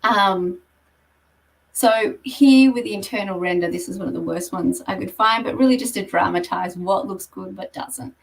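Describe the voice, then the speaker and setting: A woman's voice: mid-range voice, normal speed, vocal fry, recorded from a distance, rough recording. A woman giving a conversational presentation on property marketing, explaining slides with frequent ums. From Australia. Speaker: guest speaker on property marketing.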